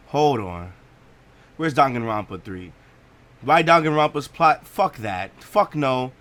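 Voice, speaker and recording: A young man's expressive, fairly bright mid-range voice moves at a slow pace as he hosts a let's play from home. He delivers a profane, blunt rant about the game, repeating himself throughout.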